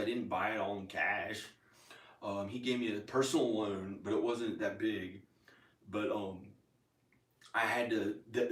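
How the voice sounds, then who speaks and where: A man's voice: on the low side, fairly bright tone, echoey room, distant mic. A man talking in a casual, rambling monologue, repeating himself and filling gaps with ums and restarts. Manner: meandering, repeats himself, many fillers and restarts. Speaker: vlogger.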